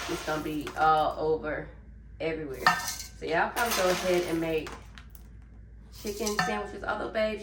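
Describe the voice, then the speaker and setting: A woman vlogger from Memphis, Tennessee chats casually to her audience in a Southern accent while cleaning her home kitchen. Her voice is lowish. Heard from far off the mic, the recording is roomy and carries heavy background noise.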